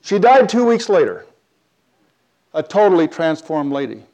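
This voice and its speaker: A man telling a personal story in a talk, animated, with big swings between loud and quiet. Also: fairly high pitch, normal speed, muffled recording.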